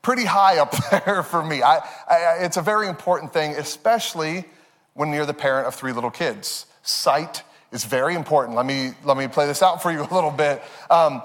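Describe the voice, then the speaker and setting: The long reverb of a church hall surrounds a thirties-aged pastor whose voice is brisk and fairly high. His sermon leans on family storytelling, delivered with animation, frequent laughter, and plenty of fillers.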